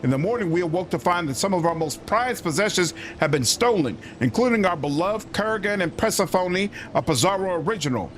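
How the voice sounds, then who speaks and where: A man's voice: high voice, animated, fairly quick, few pauses, a little hiss or hum. A man voicing a flustered, prim, well-bred lady who owns a robbed manor, reading game dialogue aloud. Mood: flustered polite. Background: game music.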